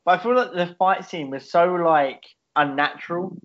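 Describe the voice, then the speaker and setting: A man's voice: sits high, moderate pace, fairly bright tone. A man co-hosting a podcast, mocking a film in casual, sweary chat. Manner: swears freely, mocking, quotes characters. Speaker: podcast co-host. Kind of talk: casual movie review chat. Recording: dull lo-fi recording.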